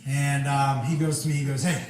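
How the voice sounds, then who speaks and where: A man performing a stand-up comedy set on stage, telling a loud, animated story and shouting punchlines. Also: mid-range voice, a little fast. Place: stage before a live audience. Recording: echoey venue recording from a distance, noisy.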